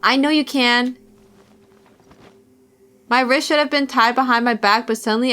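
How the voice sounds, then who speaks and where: A woman's voice: medium pitch, fairly bright tone. A young woman streamer reading a visual novel aloud, with playful, giggly asides to chat.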